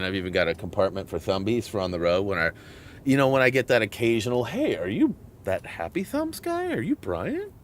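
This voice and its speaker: Some faint hiss or hum sits under this low-pitched man's voice. He's a middle-aged gaming channel host who chats casually while playing, laughing often and voicing quotes as he spins his stories.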